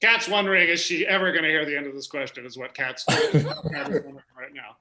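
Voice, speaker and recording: A man's voice: on the high side, lively intonation, fairly quick, crowd noise. A man hosting an improv comedy game show parody, chatty and jokey, rambling on between questions. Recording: echoey stage room.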